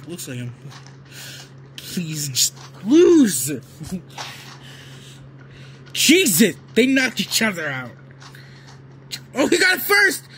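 A man giving excited gameplay commentary, yelling, laughing and pleading with his opponents as he plays. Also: high voice, slow, pauses often, a little hiss or hum. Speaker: gaming video creator.

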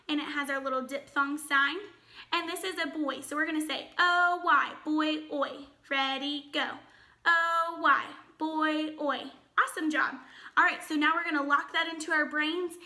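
A woman teaching a children's phonics lesson, upbeat and encouraging, sounding out words slowly and clearly. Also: sits high, pushed and bright.

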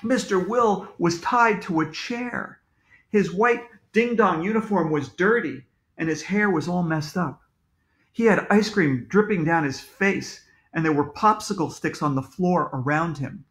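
A man's voice: high voice, unhurried, a bit bright. A man reading his own children's book aloud at home, playful and full of jokey asides. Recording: roomy echo.

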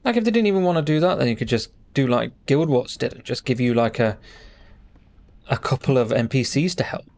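A man's voice: medium pitch, animated, brisk, gravelly, a little mellow. A man hosting a gaming channel, giving casual gameplay commentary, rambling and thinking aloud with fillers and trailing sentences.

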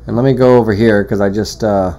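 A man walking through a woodworking software tutorial in a casual, rambling way, full of fillers and restarts. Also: lowish voice, fairly even intonation, quick pace. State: has the hiccups. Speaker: CNC woodworking instructor. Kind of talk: screen-recorded software tutorial.

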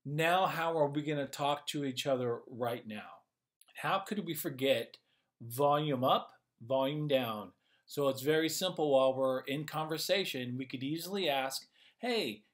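A man as a communication coach, explaining in an upbeat, conversational way and thinking aloud as he goes. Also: a little high. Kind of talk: casual instructional video.

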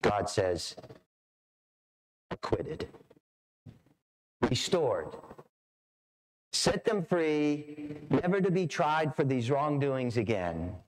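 A man's voice: mid-range voice, very animated, extremely slow, long pauses. A middle-aged man preaching a sermon as pastor, storytelling with animation and acting out voices. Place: church sanctuary.

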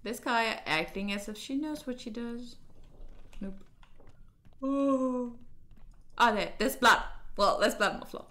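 A woman's voice: on the high side, slow, long pauses, fairly bright tone. A woman streaming a puzzle game, thinking aloud in a hesitant, casual way, with fillers as she works things out. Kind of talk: casual let's-play commentary.

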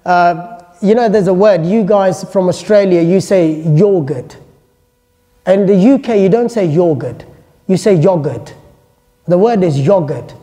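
A man's voice: high-pitched, normal speed, dark tone. A man giving a casual, joking classroom lecture to listeners. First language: English. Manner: chatty, joking, informal asides. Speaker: Islamic lecturer. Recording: long hall reverb.

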